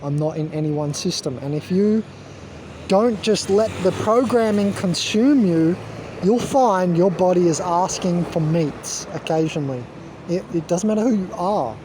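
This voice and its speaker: A man's voice: high voice, moderate pace, noisy background. A man rambling to camera as a wellness vlogger, emphatic and self-assured, lecturing his viewers.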